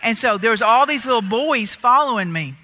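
A woman telling a story in a sermon, animated and loud, getting louder as she gets excited. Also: on the high side, brisk, slight background noise. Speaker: preacher. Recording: reverberant hall.

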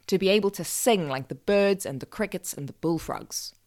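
A woman's voice: medium pitch, moderate pace, darkish tone, pitched above the performer's own voice, natural voice. Lady doing a polite little armadillo guy, earnest and pleading, storybook style. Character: earnest small male armadillo, polite and desperate.

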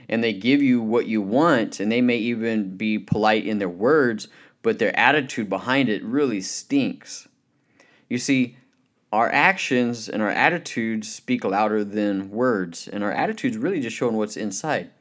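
A man giving a motivational Christian talk, earnest and conversational, with many "you know" fillers and anecdotes. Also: lowish voice. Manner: tells anecdotes with lively acted quotes. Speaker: speaker.

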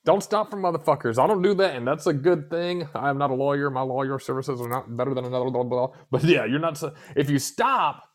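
A man's voice: medium pitch, fast, few pauses. A man co-hosting a casual podcast, telling stories with plenty of cursing. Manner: profane, animated storytelling. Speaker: co-host.

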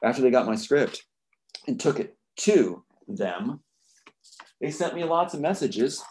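A man's voice: medium pitch, very animated, measured pace, darkish tone, slight background noise. A man speaking as an interview guest, angry and emphatic as he makes accusations. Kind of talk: impassioned interview talk.

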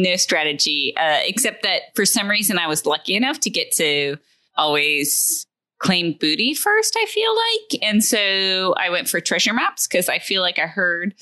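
A woman talking casually about a board game she just played, rambling excitedly with lots of "like". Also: lowish voice. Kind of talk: casual chat among friends.

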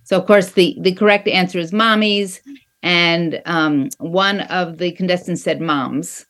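A woman in her sixties, an author being interviewed, speaking in a thoughtful, earnest, measured way. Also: fairly low pitch, steady tone, a bit bright. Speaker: author guest. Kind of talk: interview conversation.

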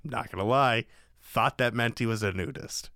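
A man's voice: mid-range voice, moderate pace, no room sound, studio quality. A young man co-hosting a podcast, chatting casually and joking with lots of fillers. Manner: joking, lively, filler-heavy. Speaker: podcast co-host. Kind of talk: casual chat.

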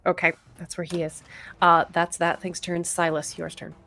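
A woman narrating a tabletop game as game master, chatty and relaxed, with many fillers. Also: lowish voice, moderate pace.

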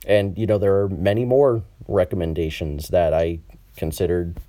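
Chatty nasal podcast host, deep mellow voice. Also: male voice, steady tone, normal speed. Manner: chatty, many ums and restarts. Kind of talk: casual podcast chat. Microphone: over Skype.

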